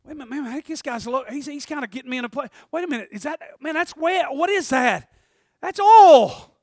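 A man's voice: very high voice, quick pace, a bit bright, no echo, clean studio sound, pitched above the performer's own voice. A man preaching plays a beaten, dying man who pleads by the roadside with stammering cries. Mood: astonished.

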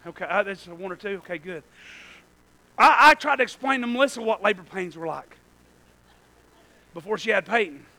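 A man, preaching a sermon in a church and telling a personal story that swings from hushed to shouting. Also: high voice, lively intonation, moderate pace, long pauses, rough recording. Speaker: pastor.

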